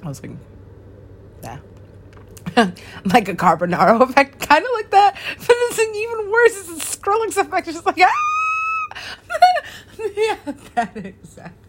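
A woman's voice: very high voice, huge pitch swings, measured pace, long pauses, a little hiss or hum. A woman talking in a rambling monologue, laughing often and dropping to whispers now and then.

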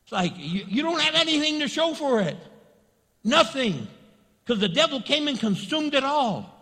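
A man's high, bright-toned voice preaches, animated and folksy, slipping into the voices of the people he talks about. The sound rings out in a long, echoing church hall reverb. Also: moderate pace. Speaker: pastor. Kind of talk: sermon.

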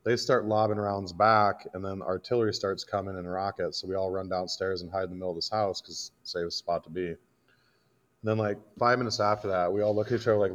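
A man's voice: on the low side, steady tone, quick pace, lo-fi sound. A man from Iowa, a combat veteran guest, bluntly telling a war story in casual, profane podcast talk. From Iowa, United States.

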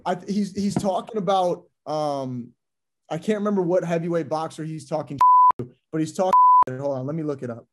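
A man with a fairly high voice co-hosts a podcast, talking in a loose, joking way. He keeps the chat moving and likes to wrap things up. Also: brisk, heavy background noise. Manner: animated, joking, wraps up segments. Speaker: podcast co-host. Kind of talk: casual chat.

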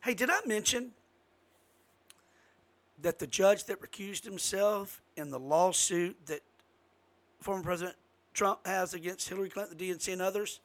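A man giving an impassioned political monologue as host, emphatic and given to sudden loud outbursts. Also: high voice, moderate pace, pauses often.

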